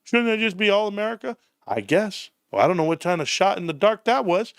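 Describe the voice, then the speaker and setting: A man hosting a stock livestream, excitable and profane, often laughing and shouting. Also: high voice, moderate pace, no echo, studio quality. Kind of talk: livestream commentary.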